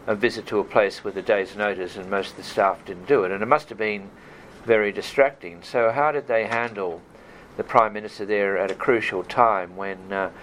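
A man hosts the event and moderates questions and discussion. His voice sits low, and he asks his questions in a halting, thoughtful way. Faint background noise runs under the recording. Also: fairly even intonation, a bit bright, rough recording.

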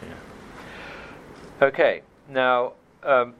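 A man hosting an event and moderating questions, asking in a halting, thoughtful way. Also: mid-range voice, animated, vocal fry, fairly bright tone, highs cut off, slight background noise.

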